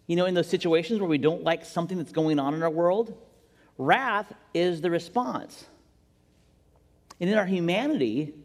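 A man preaching a sermon as pastor, animated and jokey, acting out quotes as he goes. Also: sits high. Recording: long reverb in a large hall.

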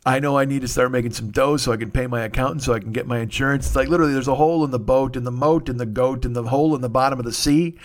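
A man's voice: mid-range voice, fairly even intonation, racing, few pauses. Rambling, profane man telling a story. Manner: rambling, profane, self-deprecating, with sudden loud outbursts. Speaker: podcast host. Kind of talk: casual storytelling monologue.

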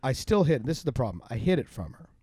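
A man's voice: medium pitch, big pitch swings, quick pace, a little mellow, breathy edge, dry recording. A middle-aged man, a guest, telling personal stories casually and candidly, with profanity, acting out the people in them. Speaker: interview guest.

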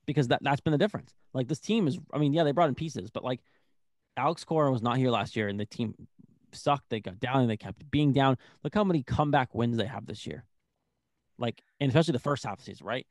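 A young man co-hosting a casual sports chat, excitable and rambling, full of "like". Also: mid-range voice, quick pace, no echo, studio quality. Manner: excitable, rambling, heavy use of "like". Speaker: sports podcast co-host.

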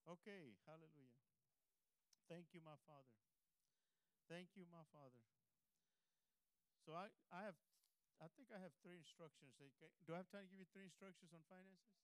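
High-voiced preaching pastor, clear and dry. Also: male voice, moderate pace, pauses often, dry recording, rough recording. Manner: exhorting, conversational, breaks into soft laughs. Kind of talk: sermon. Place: church service.

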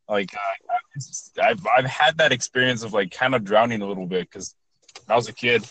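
A man's voice: fairly low pitch, fairly bright tone, no room sound, poor audio. A young man in casual chat, swearing freely and stumbling over restarts as he talks. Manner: swearing, halting with restarts and laughs.

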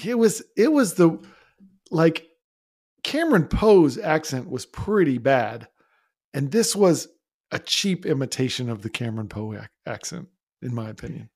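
A man's voice: medium pitch, very animated, measured pace, darkish tone, slightly rough. A man co-hosting a podcast, talking through a film in a casual, opinionated way and laughing often. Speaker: podcast co-host. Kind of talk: casual movie discussion.

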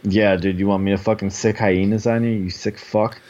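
A man's voice: fairly low pitch, flat delivery, fairly quick, darkish tone, dull audio. A man co-hosting a podcast, chatting casually with plenty of swearing and self-mocking jokes. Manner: profane, self-mocking banter. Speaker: podcast co-host.

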